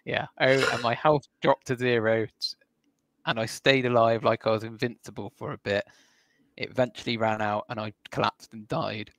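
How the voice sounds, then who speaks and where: Gravelly man telling a rambling story. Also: mid-range voice, fairly even intonation, moderate pace, fairly bright tone, no room sound. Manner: rambling storyteller, laughs often. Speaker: podcast co-host. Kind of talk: casual chat.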